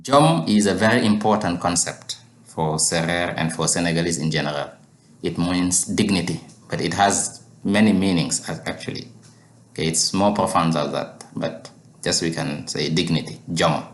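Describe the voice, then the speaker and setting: A man's voice: low-pitched, normal speed, echoey room. A man teaching a language lesson, patiently repeating each word for learners.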